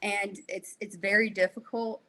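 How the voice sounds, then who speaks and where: Lively, bright-voiced woman in her thirties. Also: medium pitch, normal speed, rough recording. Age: 30s. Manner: candid and animated, laughs often, many fillers. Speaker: guest, fitness competitor. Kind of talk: casual podcast interview.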